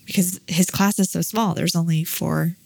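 A woman's voice: fairly low pitch, fairly even intonation, moderate pace, creaky, darkish tone, slightly rough. A woman in her thirties chatting casually, a parent telling a long personal story with many fillers. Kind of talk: casual chat.

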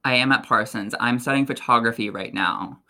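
A young man in college, chatting as an interview guest in an excitable, rambling way with lots of fillers and laughter. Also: mid-range voice, fairly quick. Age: young adult. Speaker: guest, college student and social media creator. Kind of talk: casual interview chat.

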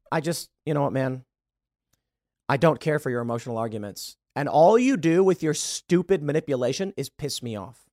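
A man's voice: on the high side, no room sound, clean studio sound. A man hosting a podcast, giving heated, emphatic political commentary and stumbling over repeated words when worked up. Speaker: podcast host.

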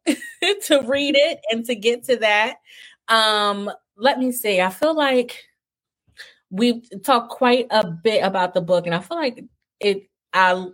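A woman's voice: medium pitch, a bit bright. A woman interview host in an easy chat, eager and full of laughter. Her talk runs loose, with fillers and restarts as she thinks aloud. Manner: enthusiastic, laughs often, chatty with fillers.

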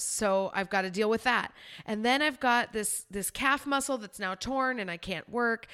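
A woman's voice: mid-range voice, bright, forceful tone, clear, resonant tone. A woman podcast host and life coach telling a personal story in a candid, emotional, conversational way.

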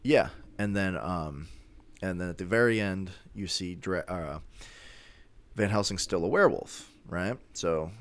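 A man with a very low, deep voice retells a movie plot in casual chat. He rambles, piling up fillers and restarting his sentences as he goes. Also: measured pace, a bit bright. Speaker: storyteller recapping a movie.

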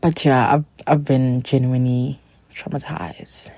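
A woman with a low, mellow voice tells a personal story in a relaxed, candid monologue. She speaks straight to her listeners. The sound is dry and close. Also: a little slow, no echo. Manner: candid, chatty, acts out quoted dialogue; addresses listeners directly. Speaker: podcast host.

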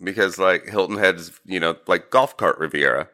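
A man's voice: low-pitched, normal speed, sharp tone. A man from Ohio with a Central Ohio accent, hosting a casual chat, joking and laughing often. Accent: Central Ohio American.

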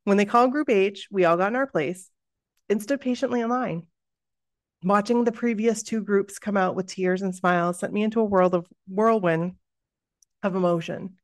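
A woman hosts a podcast and reads a listener's story aloud with lively expression. Her voice sits in a middle pitch, and the recording is dry and close with little room sound. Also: moderate pace, dry recording. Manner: lively, expressive reading with laughs. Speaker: podcast host.

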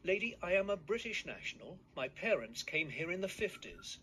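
A man plays an exasperated British charity founder answering the same question again and again. The delivery is firm, with a high voice that moves a lot. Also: sing-song, normal speed, pushed and bright, slight background noise, heavily acted.

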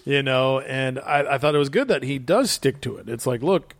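A man talks comics in a loose, enthusiastic ramble, often slipping into quick quotes of the characters. His voice sits at an average pitch, and the room around him is dry and close. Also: animated, dry recording. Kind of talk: casual chat about comics.

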